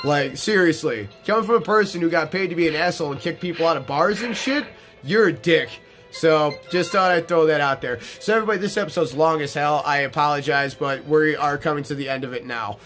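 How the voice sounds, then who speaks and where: Rambling, foul-mouthed gameplay commentator. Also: male voice, fairly high pitch, lively intonation, normal speed, a bit bright, soft background music. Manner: rambling and profane, with many fillers and restarts. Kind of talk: casual let's-play storytelling.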